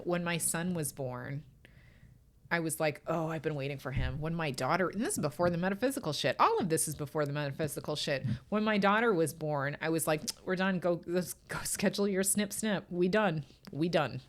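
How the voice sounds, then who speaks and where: A middle-aged woman talks alone into her podcast microphone, her voice sitting a little low for a woman. She speaks candidly and swears freely. She is tearful and holds back sobs as she goes. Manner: candid and emotional, frequent swearing. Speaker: podcast host. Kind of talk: casual solo podcast monologue.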